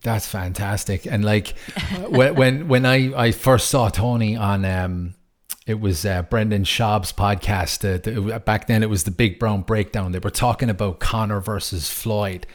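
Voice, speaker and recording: A man's voice: on the low side, measured pace. An Irish man hosting a casual interview, enthusiastic, with many stumbling restarts. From Ireland. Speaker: podcast host. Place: lives in Switzerland.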